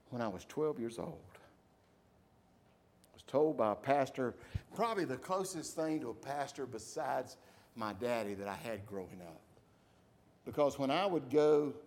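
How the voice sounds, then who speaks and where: A man preaching a sermon, telling stories and acting out the voices of people in them. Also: mid-range voice. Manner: animated storytelling, acts out voices. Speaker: pastor.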